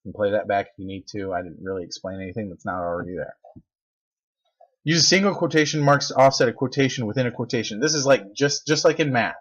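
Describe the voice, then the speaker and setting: A man teaching grammar in a recorded video lecture, lively and joking, with exasperated asides. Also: on the low side, fast, breathy edge. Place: at a desk. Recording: dull lo-fi recording.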